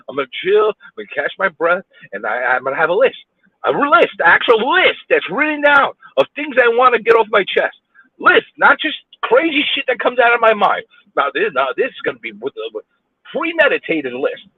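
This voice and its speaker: A man's voice: sits high, husky, no echo. A man with a New York accent ranting angrily while driving in city traffic, firing off repeated rhetorical questions and swearing. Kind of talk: angry road rant. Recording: tinny phone-like audio.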